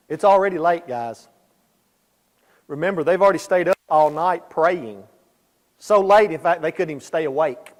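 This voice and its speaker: A man preaching a sermon in a church, telling stories with animated emphasis and sudden quiet asides. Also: on the high side. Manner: animated storyteller, swinging between loud emphasis and quiet asides. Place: church sanctuary. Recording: echoey church hall.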